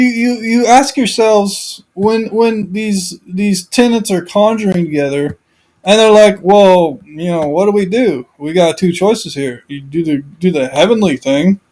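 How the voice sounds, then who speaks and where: High-voiced man rambling through a sermon. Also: unhurried, a little mellow, poor audio. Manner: rambling with many restarts. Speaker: Bible teacher. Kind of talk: informal sermon storytelling.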